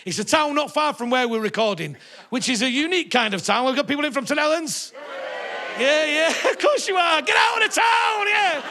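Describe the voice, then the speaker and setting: Gravelly northern English comic. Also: male voice, very high-pitched, animated, brisk, sharp tone, shouting, some chatter behind. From northern England. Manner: rambling, sardonic, sweary banter. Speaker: stand-up comedian. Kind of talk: live stand-up set.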